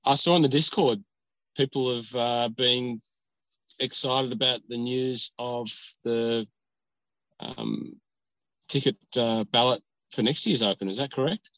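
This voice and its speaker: A man's voice: mid-range voice, lively intonation, a little slow, pauses often, bright, forceful tone, no room sound, low-quality recording. A man chatting as a podcast host, rambling and joking while sitting in a parked car. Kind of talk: casual chat.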